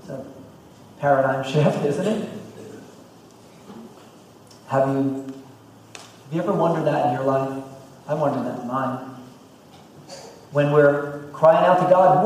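A man preaching a sermon as pastor, emphatic, repeating phrases and swinging between loud and hushed. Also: fairly high pitch, unhurried, pauses often, slight background noise. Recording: echoey hall, distant mic, faint ambience.

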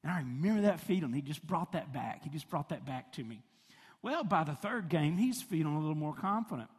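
A man's voice: on the high side, expressive, brisk, slightly rough. A middle-aged man preaching a sermon, telling stories in a chatty, conversational way and laughing along. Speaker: pastor. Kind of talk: sermon with personal storytelling. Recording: long hall reverb.

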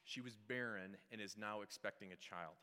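A man's voice: lowish voice, normal speed, bright, forceful tone. Man preaching a casual sermon in a hall. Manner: conversational, joking, asks the congregation questions. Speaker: pastor. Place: church hall. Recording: reverberant hall.

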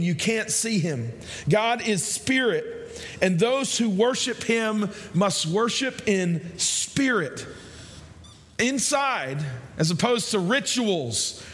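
A man preaching a sermon as pastor, conversational, repeating phrases and slowing down to stress key lines. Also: sits high, fairly bright tone.

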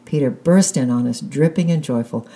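A woman calmly reading a children's novel aloud in the first person, unhurried. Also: rumbling low. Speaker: audiobook reader.

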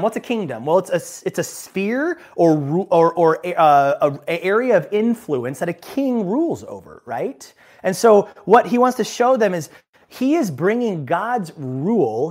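A male pastor giving a sermon in a conversational, joking style, breaking into self-deprecating asides. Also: high-pitched.

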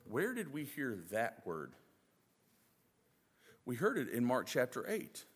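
A man preaching a lively sermon, acting out the disciples' voices with joking asides. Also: mid-range voice, slow, husky, in a large hall. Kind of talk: animated sermon.

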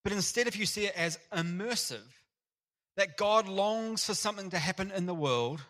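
A man preaching an earnest, animated sermon in a church. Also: high-pitched, normal speed. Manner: earnest, animated, acts out parable voices.

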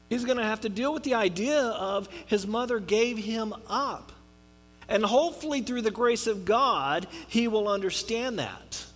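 A man with a notably high voice delivers a conversational sermon, talking to the congregation like a friend. He drops into quiet, low asides and then climbs into emphatic declarations. The sound carries a long reverb from a large hall. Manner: conversational preaching with dramatic drops and rises. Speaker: pastor.

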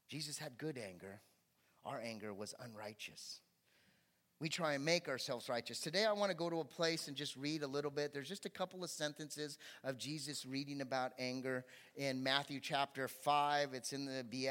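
A middle-aged man with a slightly higher voice delivers a sermon from the pulpit. He talks to the congregation in a conversational, down-to-earth way, now and then climbing into louder, emphatic stretches. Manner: conversational preaching with rising emphatic bursts. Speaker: pastor.

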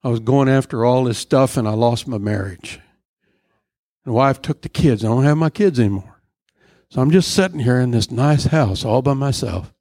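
A middle-aged man preaching a sermon, telling stories in a rambling, halting way with many fillers, then leading a prayer. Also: medium pitch, darkish tone, no room sound, studio quality.

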